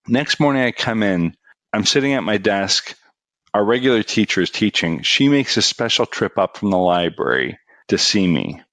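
A middle-aged man telling a personal story in a casual, animated way, his voice rising for the punchlines. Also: lowish voice, moderate pace, dry recording.

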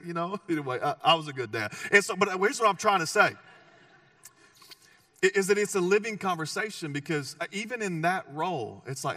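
A man's voice: high-pitched, lively intonation, brisk, pushed and bright, no echo, clean studio sound, far from the mic. A man preaching a sermon as pastor, conversational and joking, with emphatic repeated phrases.

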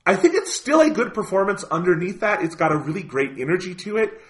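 A man co-hosting a podcast in casual chat, animated and swearing freely, with lots of "like" and "you know". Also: sits high, fairly quick. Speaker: podcast co-host.

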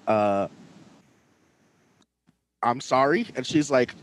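Animated young man telling stories. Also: mid-range voice, moderate pace. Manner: animated, acts out quotes with big swings in voice. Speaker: podcast co-host. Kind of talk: casual storytelling chat.

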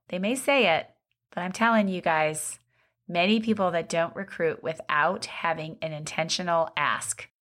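A middle-aged woman giving an energetic motivational coaching talk on network marketing, talking to listeners as "you guys" and acting out sample sales conversations. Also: on the low side.

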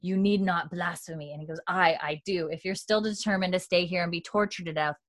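A woman with a fairly low voice retells a TV episode for a podcast, scattering likes and ums as she quotes the characters' lines softly. The sound is dry and close, with no room around her. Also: steady tone, brisk, no echo. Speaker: podcast co-host recapping a TV episode. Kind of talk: casual recap chat.

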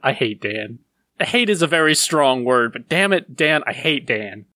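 A man's voice: mid-range voice, sing-song, unhurried, pushed and bright, no room sound. A man co-hosting a podcast, making blunt, exasperated comments in casual chat.

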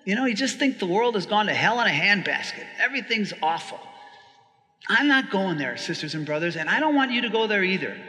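A priest preaching in a loose, conversational way, quick to laugh and to ask his listeners if they follow. His voice sits high for a man and rings bright and forceful. A long reverb trails behind every phrase. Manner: chatty and animated, laughing often, asking listeners "right?". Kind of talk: conversational sermon.

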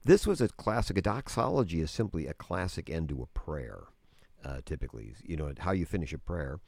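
A man with a very deep voice explains things at length, earnest and conversational. He often restarts his sentences while he thinks aloud. The sound is dry and close to the mic. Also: sing-song, a little fast, creaky, a little mellow, husky, no echo. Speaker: guest teacher on prayer. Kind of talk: conversational religious teaching.

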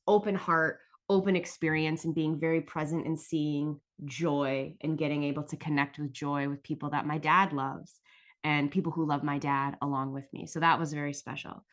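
Podcast host, young woman, low pitch; casual, heartfelt storytelling with cursing and lots of "like". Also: fairly bright tone. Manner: emotional, swearing, lots of "like".

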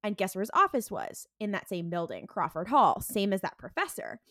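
A woman co-hosting a podcast, recapping an episode in a casual, animated way, full of fillers and acted-out lines. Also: fairly quick, dry recording, clean studio sound. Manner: animated retelling with many fillers; acts out the characters' lines with sudden jumps in pitch. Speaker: podcast co-host.

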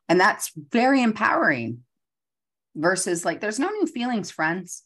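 A woman's voice: mid-range voice, big pitch swings, measured pace, a bit bright, slightly rough. A woman in her forties hosting a motivational talk, acting out her own inner voices. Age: 40s. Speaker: host.

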